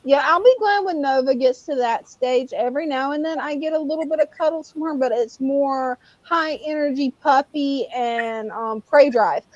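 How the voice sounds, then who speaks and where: Teasing high-voiced woman co-host. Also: normal speed, few pauses, darkish tone, no echo. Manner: teasing, laughs often. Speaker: livestream co-host. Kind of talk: casual chat. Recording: dull dry sound.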